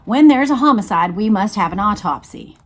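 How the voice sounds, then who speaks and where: A woman's voice: fairly low pitch, animated, normal speed, slightly rough. Woman reading as a rigid, pedantic medical examiner. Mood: defiant. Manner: curt, insistent. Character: stern, pedantic male medical examiner, rigid about the law. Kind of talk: read-aloud book dialogue.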